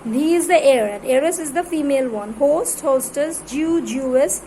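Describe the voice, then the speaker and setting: Captured in a noisy, reverberant room, this teacher's voice sits high as she gives an English grammar lesson. She reads lists of words in loud, stretched-out calls and spells them letter by letter for her class.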